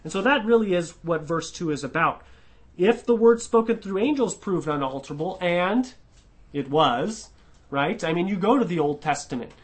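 A man preaching a sermon verse by verse in a conversational way. He often checks in with a questioning "right?", restarts words and slows down to stress key phrases. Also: high-pitched, animated. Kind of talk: expository sermon.

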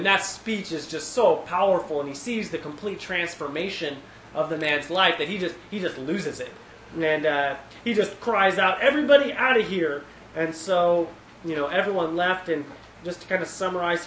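A man leading a casual Bible study who thinks aloud with fillers and restarts, getting animated when he retells scenes. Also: on the high side, roomy sound, slight background noise, low-quality recording.

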